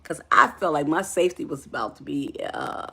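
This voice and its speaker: A woman's voice: deep voice, expressive, a little fast, vocal fry, fairly bright tone, husky. A woman life coach giving an emphatic motivational talk, calling the listener honey and baby.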